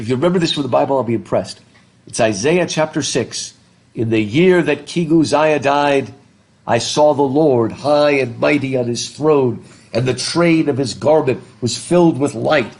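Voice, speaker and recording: A middle-aged American man lecturing in a classroom, animated, reading passages aloud and joking with his students. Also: medium pitch, husky. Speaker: literature professor.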